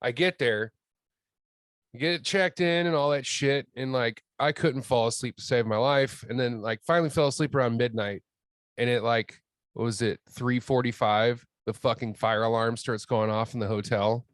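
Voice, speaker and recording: A man's voice: mid-range voice, moderate pace, no echo. A man telling a story on a podcast in a grumbling, heavily profane way. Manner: grumbling, heavy swearing. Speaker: returning podcast guest.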